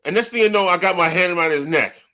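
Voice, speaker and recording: A man's voice: high voice, lively intonation, fast, pushed and bright. An older man telling rowdy stories with old teammates in casual chat, swearing freely and tagging lines with "man" and "right?". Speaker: host.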